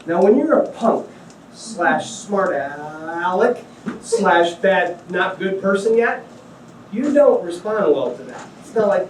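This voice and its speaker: A middle-aged man from Ohio giving a lively personal testimony to a small audience, acting out quotes and throwing in jokey asides. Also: high voice, normal speed, slight background noise. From Ohio, USA. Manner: animated storyteller, acts out quotes, jokey asides. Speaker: guest speaker. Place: small meeting room. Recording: echoey room, mic at a distance.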